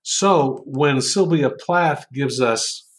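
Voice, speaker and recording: Brief: man from New York, guest in an interview, unhurried speaker who muses aloud with frequent fillers, mid-pitched voice. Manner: unhurried storytelling with many ums. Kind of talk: interview conversation.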